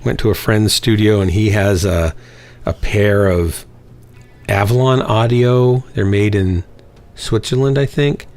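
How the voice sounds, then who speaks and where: A man's voice: fairly low pitch, steady tone, a little slow, a little mellow, faint music behind. A middle-aged man hosting a game stream, chatting casually in a joking, rambling way. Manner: joking, rambling, self-mocking. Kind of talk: casual chat.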